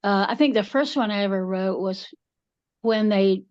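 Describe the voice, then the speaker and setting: A woman's voice: medium pitch, normal speed, darkish tone, no room sound, lo-fi sound. A woman, co-hosting a podcast and telling folksy family stories in a drawl. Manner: folksy storyteller, drawling, acts out voices in anecdotes. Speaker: podcast co-host. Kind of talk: casual chat.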